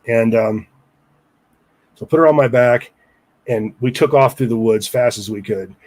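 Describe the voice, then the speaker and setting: A man's voice: mid-range voice, a little slow, a little mellow. A man recounting a personal story in a casual interview, rambling with asides to the listener. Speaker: guest storyteller.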